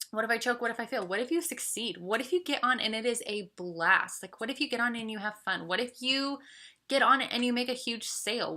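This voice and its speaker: A woman's voice: fairly high pitch, sharp tone. A young woman coaching her audience in an earnest motivational talk, asking question after question with frequent fillers. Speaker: business coach.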